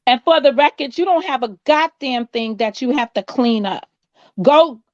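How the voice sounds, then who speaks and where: A woman with a high voice talks slowly and deliberately on a panel, asking pointed questions. The sound is dry and slightly dull. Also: fairly bright tone, no room sound. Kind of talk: slow deliberate panel talk.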